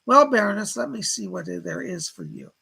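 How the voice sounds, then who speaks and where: A man with a husky voice giving live psychic readings, passing on spirit messages as quotes and thanking donors by name. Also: high voice, expressive, moderate pace, pushed and bright, poor audio. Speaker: psychic medium.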